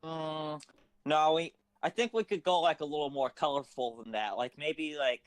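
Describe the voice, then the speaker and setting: A man's voice: a little high, moderate pace, no echo, poor audio. Man directing a voice session, rambling, fillers, dry close sound. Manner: hesitant, rambling with many fillers. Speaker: writer and director. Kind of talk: casual directing chat. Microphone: phone.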